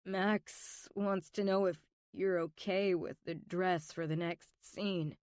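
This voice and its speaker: A hesitant, polite young crew guy from a romance audiobook checks in, careful not to intrude, as a woman narrator puts him on. He speaks slowly over a dry, close recording. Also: fairly low pitch, fairly even intonation, darkish tone, dry recording.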